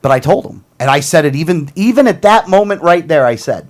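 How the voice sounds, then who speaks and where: A man's voice: fairly high pitch, expressive, fairly quick, hardly any pauses. Heated, combative male talk show host. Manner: heated, combative, repeats himself. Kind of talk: casual political rant.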